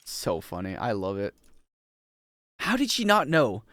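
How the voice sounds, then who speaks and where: A man's voice: a little slow, no echo. A young man streaming a video game, rambling and joking casually with his chat. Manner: rambling, joking, animated swings in pitch.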